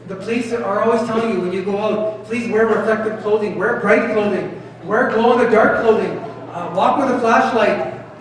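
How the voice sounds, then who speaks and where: A man with a high voice coaxes a room of children, teasing them with questions in a playful teacher's manner. His voice rings through a big echoing temple hall, picked up from far off. A faint hum sits behind it. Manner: coaxing, playful, asks the kids questions. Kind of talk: lively talk to children at a temple program.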